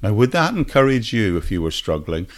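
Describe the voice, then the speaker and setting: Earnest low-voiced male Bible teacher. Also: big pitch swings, a little fast. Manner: earnest, repeats phrases for emphasis, asks listeners rhetorical questions. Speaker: Bible teacher and podcast host. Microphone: podcast microphone.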